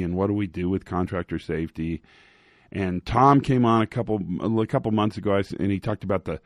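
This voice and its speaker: A low-voiced man hosts his own podcast, talking loosely and joking at himself between ums and restarts. He speaks close into a studio microphone, and the sound is dry, with no room around it. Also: no echo. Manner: rambling, self-mocking, with frequent fillers and restarts. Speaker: podcast host. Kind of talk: casual podcast monologue.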